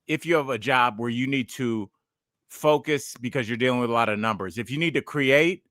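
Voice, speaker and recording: Bright, clear-voiced male podcast host. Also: mid-range voice, a little fast, dry recording, clean studio sound. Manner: rambling, digressive storyteller. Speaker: podcast host and stand-up comedian. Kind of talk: casual podcast chat.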